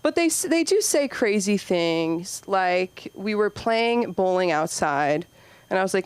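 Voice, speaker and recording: A woman's voice: on the low side, a little slow, smooth, no echo. A young woman performing a rambling, self-deprecating stand-up set on a comedy club stage, peppering her talk with "like" and "you know.".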